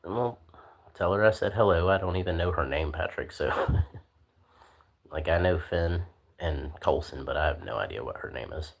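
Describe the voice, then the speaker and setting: Super deep voiced guy chilling on his stream, laid back and rambly. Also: normal speed, creaky, long pauses. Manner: laid-back, soft-spoken, rambling with fillers. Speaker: livestream host. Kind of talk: casual livestream chat.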